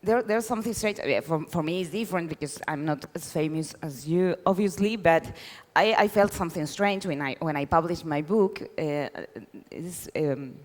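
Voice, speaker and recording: Woman interviewer, English, halting phrasing, lowish voice. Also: in a large hall. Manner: halting, searching for words. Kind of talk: live onstage conversation.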